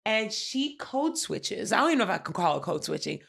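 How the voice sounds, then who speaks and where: A woman's voice: medium pitch, big pitch swings, fairly quick, vocal fry, fairly bright tone. A woman co-hosting a podcast, recapping a reality show in casual chat, candid and profane, telling the story with animation. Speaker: podcast co-host.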